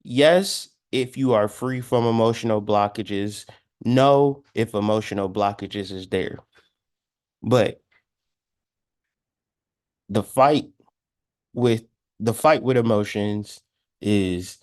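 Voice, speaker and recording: A man in his thirties with a fairly low, slightly mellow voice speaks slowly, leaving long pauses. He is a spiritual astrology commentator giving a blunt, profane, preachy monologue and sometimes voicing quoted speakers, captured in a dry, studio-quality recording.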